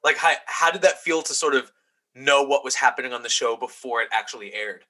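A male podcast co-host asking relaxed, hesitant questions in casual chat. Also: mid-range voice, brisk.

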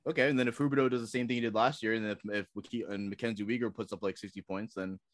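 A man's voice: on the low side, steady tone, fast talker, no room sound. Dry-sounding emphatic man co-host. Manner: emphatic, joking, repeats words for effect. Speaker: podcast co-host. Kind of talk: casual sports podcast chat.

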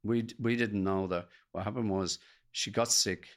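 A man's voice: lowish voice, steady tone, normal speed. An older man with an Irish accent, telling his life story as a guest in an interview, earnest and reflective. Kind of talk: personal storytelling in a podcast interview.

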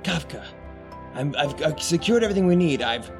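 An anxious middle-aged father stammers earnestly in a slightly raised voice, as a man games master plays him. Soft music runs faintly behind. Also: a little high, animated, fairly quick.

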